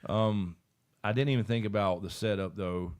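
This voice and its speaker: A man's voice: lowish voice, normal speed, a little mellow. A man hosting a live stream in casual chat, with a loose, rambling way of talking as he reads out viewers' comments. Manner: laid-back, rambling, reads chat aloud.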